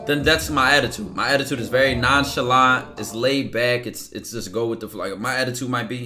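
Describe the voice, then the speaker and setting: A man in casual motivational talk, blunt, profane and slangy, acting out his inner voice in quick asides. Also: medium pitch, expressive, pushed and bright. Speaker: podcast guest.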